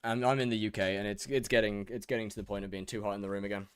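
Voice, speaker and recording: A man's voice: lowish voice, fairly even intonation, very fast, clean tone, dry recording. Overheated male game streamer chatting. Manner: reads chat questions aloud and answers, repeats phrases. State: overheated and sweaty. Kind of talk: casual live-stream chat while gaming. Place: hot room in a house.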